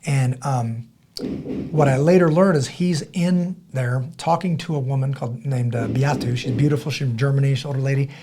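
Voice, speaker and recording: Background noise accompanies this middle-aged man's mid-range, fairly quick voice. Speaking as a podcast guest, he tells a lively story in which he acts out others' voices, stumbling into frequent restarts and repeated words.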